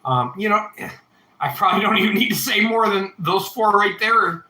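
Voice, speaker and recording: Foul-mouthed rambling man, bright voice. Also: high-pitched, normal speed, roomy sound, low-quality recording. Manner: profane, rambling, blunt opinions. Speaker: livestream host answering chat. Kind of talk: casual livestream Q&A.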